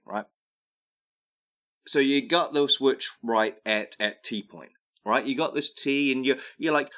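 A man's voice: medium pitch, fairly bright tone. A man giving rambling comedic advice who keeps tagging his sentences with "right?". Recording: dull lo-fi recording.

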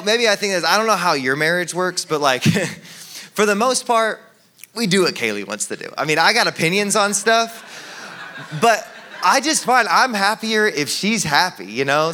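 A man's voice: mid-range voice, pushed and bright. A man in his twenties preaching a sermon in a casual, self-deprecating way, often repeating words as he goes. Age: 20s. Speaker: pastor.

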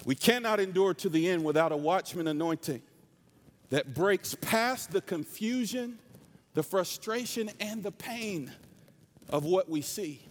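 A man's voice: high voice, expressive, unhurried, big-room sound. A man from North Carolina preaching a passionate sermon with a Southern accent.

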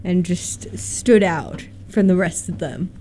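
A woman's voice: fairly low pitch, slow pace, mellow, a little hiss or hum. An American woman co-hosting a radio chart show, chatting casually and teasing, often laughing. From United States. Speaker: radio co-host. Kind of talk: casual chat.

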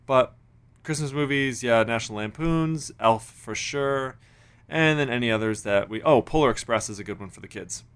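A man's voice: medium pitch, normal speed, fairly bright tone, smooth. A man chatting casually as a podcast co-host, laid-back and full of fillers. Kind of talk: casual chat.

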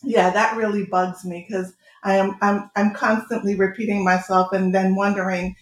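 A woman's voice: mid-range voice, flat delivery, normal speed, few pauses. A woman chatting casually with her sisters, talking in short, direct sentences. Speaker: podcast co-host. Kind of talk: casual chat among sisters. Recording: echoey room with faint noise.

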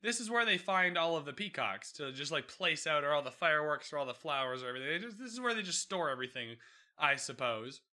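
A man hosts a casual podcast recap of a TV episode. His voice sits high and sounds very bright and forceful, with a lively, swooping pitch. He swears freely and slips into the characters' lines as he talks. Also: fast talker. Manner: animated, swearing, acting out characters. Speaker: podcast host.

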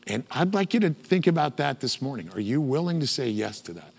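A man's voice: medium pitch, sing-song, brisk, creaky, a little mellow, breathy edge. A middle-aged man preaching a sermon as pastor, telling a story with lots of ums and uhs and acting out quotes. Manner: storytelling with acted quotes and many fillers.

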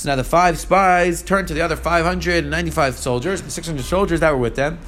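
Man, high voice, quick pace, reading verses then explaining them casually. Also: a bit bright, a little hiss or hum. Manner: reads Hebrew verses then paraphrases in English. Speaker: Torah teacher. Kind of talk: verse-by-verse text lesson.

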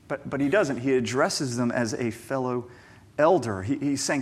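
A man's voice: medium pitch, normal speed, husky. A man, a pastor, preaching a sermon in an emphatic, conversational way, often repeating words and asking rhetorical questions. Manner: conversational storytelling asides.

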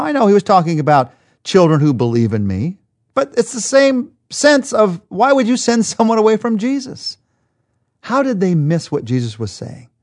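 A man's voice: high voice, a little mellow. A man teaching a daily Bible study, retelling the passage in an earnest, vivid storytelling way with small restarts.

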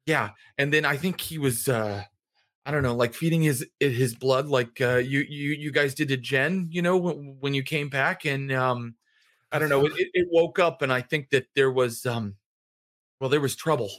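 A man's voice: mid-range voice, moderate pace, a bit bright. A man narrating a tabletop game as game master, in a loose, rambling way with many fillers.

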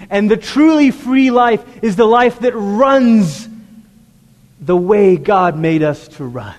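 A man with a high-pitched voice speaks a little slowly as he preaches a sermon to a church congregation. Earnest and conversational, he frequently asks listeners direct questions, all under the long reverb of a large hall.

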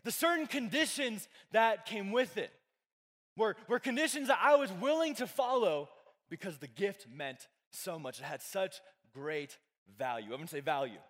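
Chatty high-voiced young preacher in a hall. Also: male voice, animated, normal speed, fairly bright tone. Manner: chatty, filler-heavy, jokes with the crowd. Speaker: youth pastor. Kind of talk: casual youth sermon. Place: church hall with a live audience. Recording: long hall reverb.

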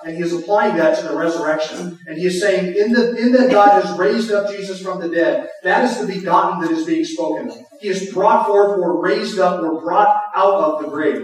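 An earnest man delivers a sermon with emphatic rhetorical questions, his voice a little higher than most men's. He sounds some distance from the microphone, and a heavy echo fills the large hall around him. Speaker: pastor. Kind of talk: expository sermon. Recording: echoey hall, speaker off the mic.

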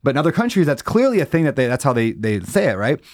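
A man hosts a podcast in quick, casual talk, agreeable and full of fillers. The sound is dry and close. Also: mid-range voice, big pitch swings, a little mellow, dry recording. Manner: agreeable, lots of yeah and filler like. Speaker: podcast host.

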